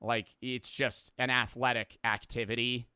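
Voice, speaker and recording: A man's voice: mid-range voice, flat delivery, unhurried, pushed and bright, clean tone, dry recording, clean studio sound. A man casually reacting to a video as a streamer, rambling and swearing offhandedly.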